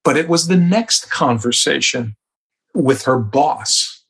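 A man speaking as a podcast guest, a communication coach who tells reflective stories from his work and becomes animated at times. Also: mid-range voice, slow pace, vocal fry. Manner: reflective, anecdotal, animated in places. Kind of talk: conversational storytelling.

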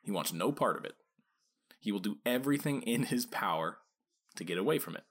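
A man's voice: lowish voice, lively intonation, slightly rough. A man hosting a podcast about dog training, talking casually and asking his listeners rhetorical questions. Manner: conversational, asks rhetorical questions, acts out quick quoted lines.

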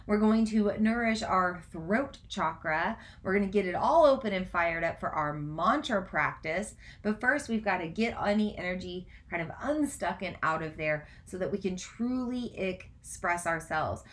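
A woman hosting a casual live stream, talking fast in run-on sentences, then gently guiding a breathwork practice. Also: lowish voice, lively intonation. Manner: gentle instructive guidance in breathwork. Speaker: spiritual coach and podcast host.

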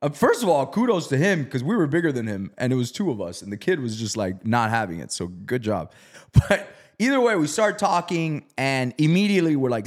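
Male storyteller, casual and profane, animated when quoting others. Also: medium pitch, fairly quick. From South Florida. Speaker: real estate investor.

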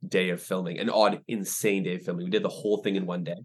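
A young man, a ministry director, telling stories as a podcast guest, animated and full of restarts. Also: sits low, fast, husky. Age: young adult. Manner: animated storyteller, many restarts and fillers. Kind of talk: casual interview chat.

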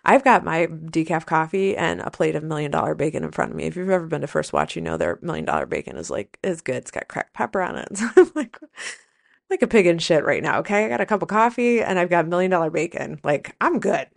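A woman's voice: low-pitched, animated, quick pace, vocal fry, hardly any pauses. A woman hosting a casual solo podcast, telling a rambling story in a candid, profane way. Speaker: podcast host, nurse and coach.

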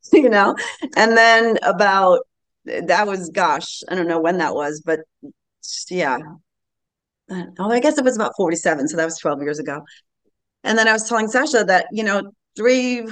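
Brief: woman, late fifties, podcast guest, earnest storyteller, slightly low voice. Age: late 50s. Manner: earnest, animated storytelling with frequent laughs. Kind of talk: casual interview storytelling.

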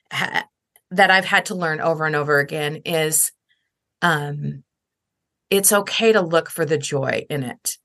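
Woman, middle-aged, podcast guest, earnest, reflective, bright voice. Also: medium pitch. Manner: earnest, reflective, lively when quoting others. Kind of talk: heartfelt conversation.

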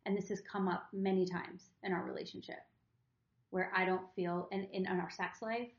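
A young woman co-hosting a podcast, confiding a personal story in an earnest, emotional, rambling way. Her voice sits at an ordinary pitch. It is heard in a roomy, slightly dull recording. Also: steady tone, normal speed. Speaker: podcast co-host.

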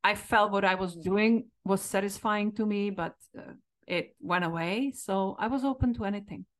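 A middle-aged woman with a Czech accent tells a personal story in a candid, reflective way. Her voice sits at a medium pitch, and she is a podcast host speaking in her second language. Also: moderate pace. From Czech Republic. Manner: candid, reflective, quoting herself with emotion.

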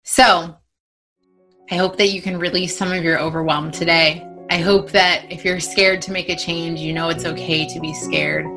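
A woman's voice: fairly low pitch, steady tone, normal speed, pushed and bright, faint music behind. A woman in her thirties hosting a motivational podcast for mothers, talking in a reassuring, encouraging way. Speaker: podcast host and mom coach.

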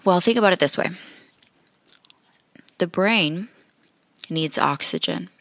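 A woman's voice: fairly low pitch, expressive, slow, gravelly, fairly bright tone, no echo. A woman hosting a podcast, talking casually and chattily, laughing and correcting herself as she goes. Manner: chatty, laughs often, self-correcting asides. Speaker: podcast host. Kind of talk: casual solo podcast talk.

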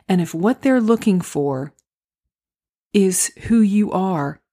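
A woman hosting a solo podcast, talking through acting auditions in a gentle, encouraging, unhurried way. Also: mid-range voice, expressive. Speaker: podcast host and acting coach. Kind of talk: reflective solo podcast talk. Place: home, recorded near a street.

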